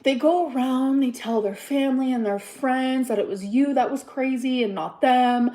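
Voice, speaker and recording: A woman in her thirties ranting angrily in a vlog, profane and heated, swinging between loud outbursts and low mutters. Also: moderate pace. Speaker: vlogger.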